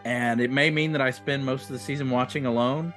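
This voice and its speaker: A man's voice: medium pitch, fairly even intonation, fairly quick, fairly bright tone, soft background music. A man co-hosting a podcast in casual chat, easygoing and jokey. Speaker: podcast co-host.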